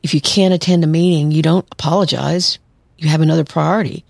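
A woman's voice: low-pitched, steady tone, brisk, creaky, darkish tone, dry recording, clean studio sound. A woman therapist hosting a solo podcast, talking conversationally and acting out quoted lines. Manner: conversational, acts out quoted lines, laughs lightly. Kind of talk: solo podcast advice talk.

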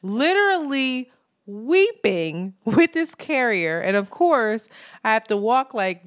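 A young woman's slightly high voice moves at a slow pace as she co-hosts a casual podcast, telling lively stories full of swearing and acted-out quotes. The recording is dry, with clean studio sound.

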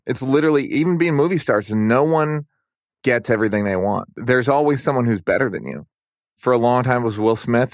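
A man's voice: mid-range voice, no echo, studio quality. A middle-aged man talking loosely in a casual podcast conversation, rambling and full of "like". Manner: loose and rambling, heavy use of "like". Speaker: guest.

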